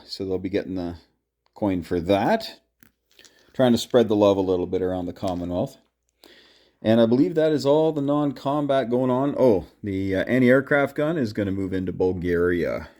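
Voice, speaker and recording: A man talks his way through a turn of a board game in an easy, casual play-by-play. His voice sits a little low and sounds mellow and relaxed. He chats to the camera and counts each move aloud as he makes it. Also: normal speed. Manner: chatty, counts moves aloud.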